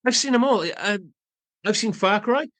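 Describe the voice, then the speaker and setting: A man co-hosting a casual film podcast, excitable and jokey, drifting off on tangents. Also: very high-pitched, moderate pace. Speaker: podcast co-host.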